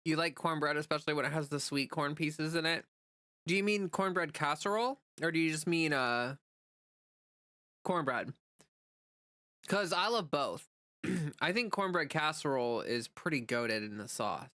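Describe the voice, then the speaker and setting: Woman streamer, casual chatter with viewers; bright, forceful tone; dry recording. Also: deep voice, animated, normal speed, long pauses, no room sound. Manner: chatty, answers chat messages, many "like" fillers. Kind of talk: casual livestream chat.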